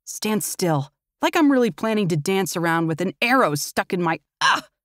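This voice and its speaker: A woman's voice: animated, moderate pace, no room sound, studio quality, lightly acted. A woman voicing a wounded young male fae who grumbles wryly through his pain. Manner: low grumbling, breathy when in pain.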